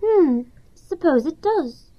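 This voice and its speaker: A man voicing a brave young female mouse with a high, urgent calling voice. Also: lively intonation, unhurried. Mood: weary. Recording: dull lo-fi recording.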